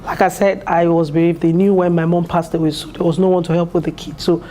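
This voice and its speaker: A woman in her thirties speaks in a mellow, lowish voice, earnest and heartfelt as she describes her studies. She talks in an interview, with plenty of fillers and restarts. A faint ambient hiss sits behind her. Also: little pitch movement, fast. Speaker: PhD student and mother. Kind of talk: interview testimonial. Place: university building.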